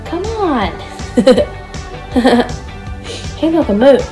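A woman's voice: high voice, big pitch swings, extremely slow, mellow, heavily acted, poor audio. A woman voicing a young male wolf in a Minecraft roleplay, talking casually, calling everyone bro and stammering with fillers. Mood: excited. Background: background music.

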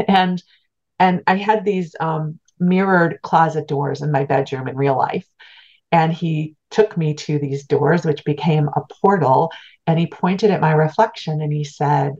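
A woman's voice: deep voice, steady tone, unhurried, a little mellow, highs cut off. A middle-aged woman telling a personal story as an interview guest, earnest, heartfelt and reflective. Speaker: guest, spiritual teacher.

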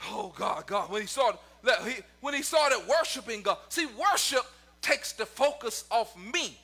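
A man preaching a sermon to his congregation and online viewers, his voice climbing into shouts and sung cadences. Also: very high-pitched. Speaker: pastor.

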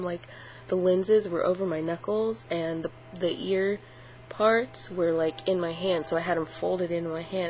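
A woman's voice: fairly low pitch, darkish tone. A woman in a casual vlog, talking in a rambling way with lots of fillers and swearing. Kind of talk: casual vlog retelling a dream. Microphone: built-in camera mic. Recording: dull lo-fi camera audio with faint hum.

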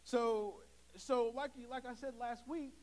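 A man's voice: very high voice, steady tone, takes it slowly, darkish tone, low-quality recording. A young man preaching a sermon in a church, talking casually and acting out short quoted exchanges. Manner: conversational, acts out little quoted dialogues. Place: church sanctuary.

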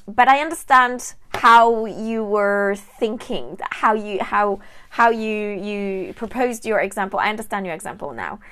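A woman's voice: mid-range voice, fairly bright tone. Woman doing a live lesson, chatty, keeps restarting, talks right to the viewers. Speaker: language teacher.

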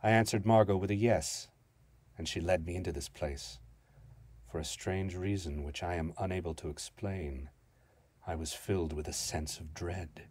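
A man giving a grave, theatrical first-person reading of a dark story. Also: deep voice, normal speed, a little hiss or hum. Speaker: narrator.

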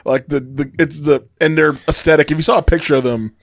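A man's voice: a little high, steady tone, brisk, vocal fry, no echo, studio quality. Laid-back man co-hosting a podcast. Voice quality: frequent "uh" fillers, laughs often. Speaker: podcast co-host. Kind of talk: casual chat.

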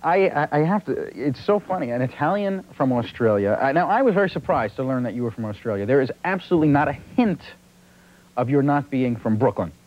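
A man hosting a late-night interview, asking quick joking questions. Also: medium pitch, animated. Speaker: talk show host. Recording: dull lo-fi 1990s TV tape.

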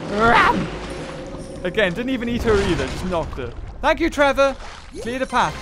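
A woman hosting a let's play, excitable, muttering low then bursting into loud outbursts. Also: normal speed, heavy background noise. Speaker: gaming channel host. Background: game music.

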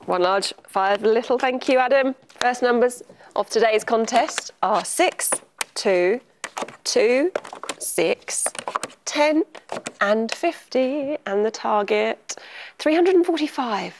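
A woman co-presenting a TV quiz show, calling out letters and numbers in a brisk, clear way. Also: fairly high pitch, lively intonation, noisy background. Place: TV studio.

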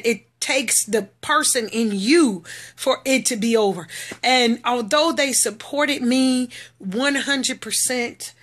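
A middle-aged woman telling her own life story in a lively monologue, often turning to her listeners and acting out the exchanges she remembers. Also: high-pitched. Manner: animated, addresses listeners directly, acts out quoted exchanges.

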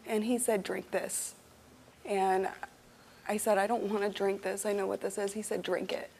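A young woman answering a host's questions as a talk show guest, speaking haltingly and emotionally with restarts. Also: mid-range voice, level tone, a little mellow, a little hiss or hum. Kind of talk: studio interview answers.

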